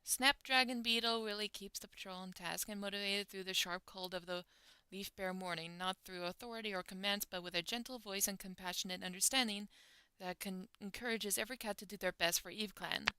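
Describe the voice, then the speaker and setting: A woman streamer reading game events aloud with lively emphasis while playing, muttering asides between passages. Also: medium pitch, brisk, hardly any pauses, clean tone, dry recording.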